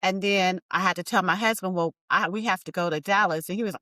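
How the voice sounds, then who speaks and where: Lively woman telling her story. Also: fairly low pitch, fast talker, dry recording. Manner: animated, emphatic, addresses listeners as y'all. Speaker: entrepreneur guest. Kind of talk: casual interview storytelling.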